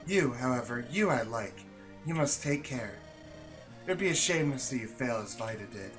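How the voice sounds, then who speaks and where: A man's voice: mid-range voice, expressive, moderate pace, a bit bright, faint music behind, lightly acted. A man voicing a haughty, cruel noblewoman in a game, with clipped, contemptuous delivery. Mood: scornful.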